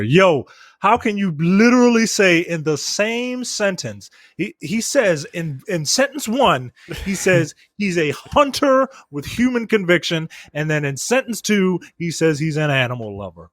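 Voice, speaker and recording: A man's voice: sits high, big pitch swings, measured pace, fairly bright tone, dry recording, studio quality. A man co-hosting a podcast in casual chat, ranting in exasperation with lots of filler words. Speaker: podcast co-host.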